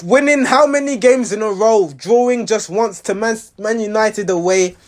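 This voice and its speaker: A football fan with a high voice reviews his team's match at a moderate pace. His reaction is rambling and exasperated, and he keeps restarting his sentences.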